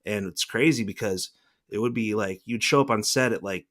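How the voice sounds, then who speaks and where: A man hosting a podcast, telling rambling stories in casual chat and slipping into lively voices to quote people. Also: fairly low pitch, moderate pace. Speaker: podcast host, former celebrity news producer.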